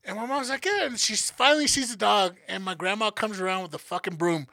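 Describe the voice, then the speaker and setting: A man co-hosting a podcast, telling stories in a casual, animated and profane way. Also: high-pitched, quick pace, creaky, no room sound. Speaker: podcast co-host. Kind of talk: casual storytelling chat.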